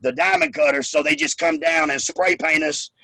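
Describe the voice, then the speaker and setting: A man with a high, gravelly voice swings his pitch widely as he tells rowdy, cursing stories. His tone is bright and sharp. The sound is dry and close. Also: moderate pace, no room sound. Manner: animated, profane, laughing while telling stories. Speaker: guest, former pro wrestler. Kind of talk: casual storytelling interview.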